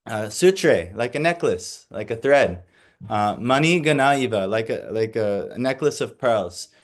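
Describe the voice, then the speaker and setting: A man's voice: medium pitch, expressive, unhurried. A man leading a scripture class, reading passages aloud and explaining them in a casual way, hesitant over Sanskrit recitation. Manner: reads steadily, then slips into casual asides with fillers.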